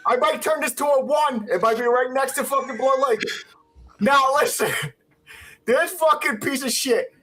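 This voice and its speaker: A man's voice: very high-pitched, moderate pace, bright, forceful tone. A man co-hosting a podcast, ranting about a movie in a heated, profane, laughing way. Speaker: podcast co-host. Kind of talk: casual ranting movie recap. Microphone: home podcast mic.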